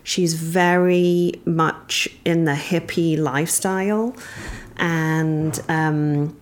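A woman from England, a podcast guest, telling a personal story thoughtfully with many pauses and ums. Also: low voice, steady tone, a little hiss or hum.

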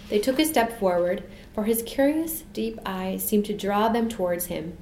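A woman narrating a children's storybook audiobook in a calm, measured way. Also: medium pitch. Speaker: audiobook reader. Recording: roomy echo, faint background noise.

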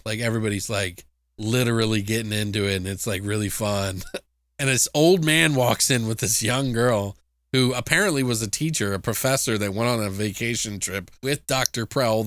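Man, casual podcast co-host, lively retelling, swears a bit, dry close mic. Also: dry recording. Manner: animated retelling, jumps into high-pitched impressions of characters. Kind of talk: casual movie review chat.

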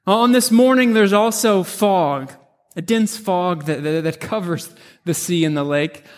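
High-voiced pastor telling a story. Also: male voice, expressive, measured pace. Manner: vivid second-person storytelling with restarts. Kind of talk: narrative sermon.

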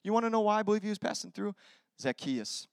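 A man preaching a sermon as pastor, telling a story in an animated way that swings from loud bursts to quiet stretches. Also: high-pitched, fast talker, creaky, dry recording, clean studio sound.

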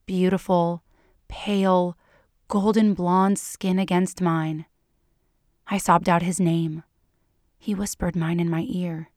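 Woman reader, lowish voice, soft and hushed, dry close sound. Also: little pitch movement, no echo. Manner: soft, hushed and unhurried, dropping to whispers. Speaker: audiobook reader. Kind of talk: intimate fiction reading.

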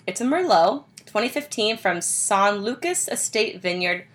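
A woman's voice: mid-range voice, lively intonation, unhurried, a bit bright. A young woman co-hosting a podcast, reading wine labels and chatting playfully over wine. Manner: playful, laughs often. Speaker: podcast co-host. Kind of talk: casual chat over wine.

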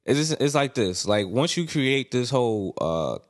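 A man's voice: medium pitch, very animated, normal speed. A young man co-hosting a casual podcast chat, laid-back and slangy, teasing his co-host.

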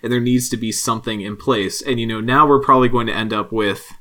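Bright-voiced man with wry jokes. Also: medium pitch, fairly even intonation, fast talker. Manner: joking, wry asides. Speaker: podcast guest. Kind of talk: casual chat.

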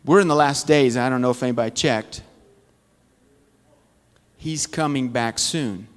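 A man's voice: medium pitch, measured pace. A man teaching a Bible study, giving a conversational, folksy sermon full of humorous stories. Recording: long church-hall reverb.

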